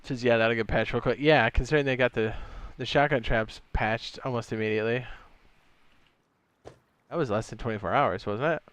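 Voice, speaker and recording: A young man casually chatting on a gaming live stream, excitable and chatty, tossing in playful sound effects. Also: mid-range voice, brisk, clear, resonant tone, dry recording.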